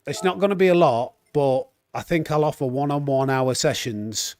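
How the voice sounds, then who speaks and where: A man's voice: mid-range voice, lively intonation, normal speed, a little mellow. A man chatting casually on a live stream, reading chat and restarting his sentences often. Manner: chatty, reads chat aloud, frequent restarts and fillers.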